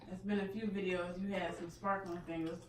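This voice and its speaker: A woman's voice: on the low side, level tone, fairly quick, recorded from a distance. A woman sharing a meal on an eating show, making short, teasing, laid-back remarks. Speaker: co-host at the meal. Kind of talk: casual eating-show chat. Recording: echoey room, voice from afar, faint room noise.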